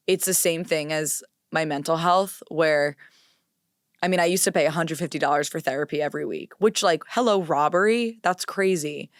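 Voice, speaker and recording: A woman's voice: deep voice, smooth, no room sound, clean studio sound. A woman in her twenties hosting a solo podcast in casual, chatty talk, dramatic and self-mocking. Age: 20s. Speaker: podcast host.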